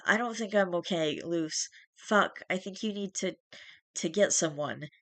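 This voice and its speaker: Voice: mid-range voice, unhurried, pushed and bright, dry recording. A storyteller voicing a sick young man who slurs his words and speaks through short breaths, in a horror story read aloud. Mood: weak, slurred.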